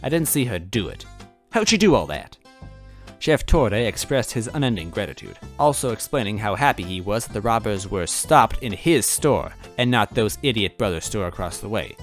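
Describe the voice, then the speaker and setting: Guy reading a fanfic aloud, really animated, wry little asides, faint music under it. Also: lowish voice, moderate pace, hardly any pauses. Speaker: story reader. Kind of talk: dramatic fan-fiction reading.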